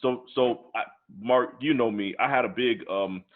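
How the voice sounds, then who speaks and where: A man's voice: mid-range voice, a little slow. An eager man on a tinny line. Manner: eager, lays out points in order. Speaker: podcast co-host. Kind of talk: casual podcast chat.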